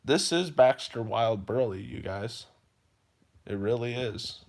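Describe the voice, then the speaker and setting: A man's voice: medium pitch, animated, takes it slowly, creaky, darkish tone. A man livestreaming to his viewers, talking earnestly and emotionally, repeating himself and often calling them "you guys". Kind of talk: heartfelt livestream monologue.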